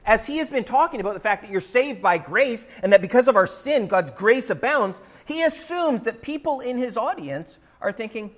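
A man's voice: very high-pitched, very animated, normal speed, few pauses. A man preaching a sermon as pastor in a church, in an emphatic, conversational way with rising stresses. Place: church sanctuary.

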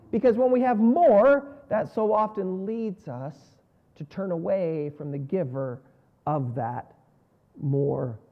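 A man preaching a sermon in an earnest style, rising on key words and falling low at the ends of phrases. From North America. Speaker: pastor. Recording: dull lo-fi sound.

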